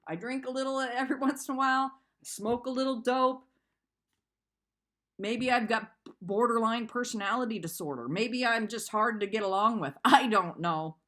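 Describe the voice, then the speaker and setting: Woman in her fifties, upset, rambling and cursing, fairly high, bright edgy voice. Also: normal speed. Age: 50s. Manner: rambling, profane, agitated storytelling. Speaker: vlogger. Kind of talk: emotional personal venting.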